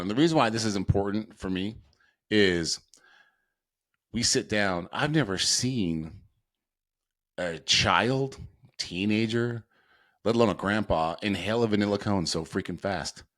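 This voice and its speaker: A man's voice: deep voice, fairly bright tone. A middle-aged man hosting a podcast, telling a rambling story casually, with lots of fillers and frequent laughs. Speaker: podcast host.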